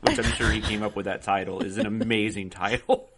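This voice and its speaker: A man chatting on a podcast, animated and rambling, with many "like"s and "I mean"s. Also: fairly low pitch, brisk. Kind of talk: casual podcast discussion.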